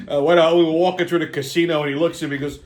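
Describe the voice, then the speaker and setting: A man's voice: a little high, steady tone, quick pace, soft background music. A middle-aged man hosting a show, telling a rambling story in a casual, profane and sardonic way, often laughing as he talks. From New York. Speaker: podcast host.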